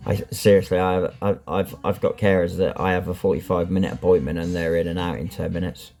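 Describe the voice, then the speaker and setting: Blunt guy vlogging, dark low voice, lots of ums and you knows. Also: steady tone, fairly quick, creaky, faint music behind. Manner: blunt and frank, swears. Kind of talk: candid personal vlog.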